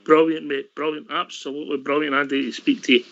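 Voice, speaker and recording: Matey radio host. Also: male voice, fairly high pitch, level tone, a bit bright. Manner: brisk, matey, steering the talk. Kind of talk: casual radio call-in hosting. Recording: slightly dull lo-fi audio.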